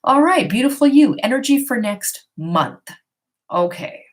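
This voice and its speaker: A woman's voice: on the high side, very animated, measured pace. Chatty woman giving live tarot readings. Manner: chatty, reassuring, reads questions aloud then answers. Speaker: tarot reader answering viewers live. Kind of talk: live-stream tarot reading, casual chat. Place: her home. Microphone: computer or phone on a live stream.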